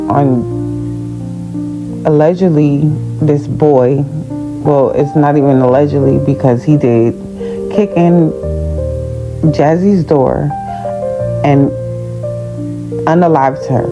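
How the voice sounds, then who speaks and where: A mother talking in a casual vlog, measured and earnest, pausing often. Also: sits low, poor audio. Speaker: parent sharing a fundraiser. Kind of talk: casual informative vlog talk. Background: guitar music.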